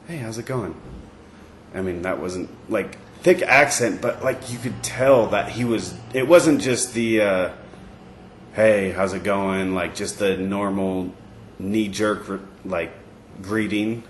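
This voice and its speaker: A man co-hosting a podcast, telling a story in a rambling way with many pauses and fillers. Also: fairly low pitch, roomy sound, a little hiss or hum. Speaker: podcast co-host. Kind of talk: casual chat.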